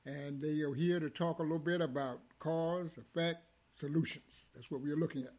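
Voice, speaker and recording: A man hosting a discussion program, talking with many pauses, fillers and restarts. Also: on the high side, fairly even intonation, darkish tone. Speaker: host.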